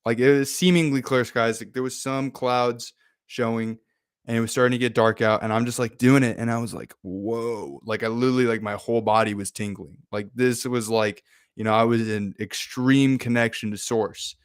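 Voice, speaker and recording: Playful, animated young man telling a story. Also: mid-range voice, brisk, smooth, no room sound, studio quality. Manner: animated, playful, laughs and acts out his own excited exclamations. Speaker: podcast host. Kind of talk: casual personal storytelling.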